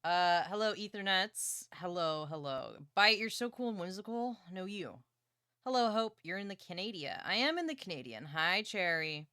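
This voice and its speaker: A young woman livestreaming from her partner's home setup, chatting excitedly and playfully about books and swearing casually. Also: mid-range voice, normal speed, clear, resonant tone, no room sound, studio quality.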